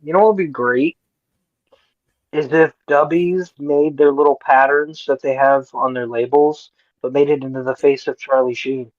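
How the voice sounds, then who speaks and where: A man's voice: mid-range voice, fairly even intonation, normal speed, dry recording, highs cut off. A man co-hosting a podcast who jumps in with jokes and swearing during casual banter. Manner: joking, interjecting, swearing. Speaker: podcast co-host.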